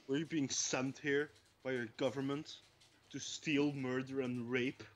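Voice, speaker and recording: A man's voice: medium pitch, little pitch movement, unhurried, slight background noise. A man co-hosting a crude comedy podcast, bantering sarcastically and swearing. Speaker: podcast co-host.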